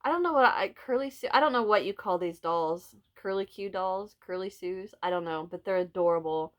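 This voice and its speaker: A woman's voice: medium pitch, a little fast, dull audio. A middle-aged woman with a Southern Illinois accent chatting casually about her crochet projects, telling stories and laughing often. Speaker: vlog host, crocheter. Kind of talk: casual chat.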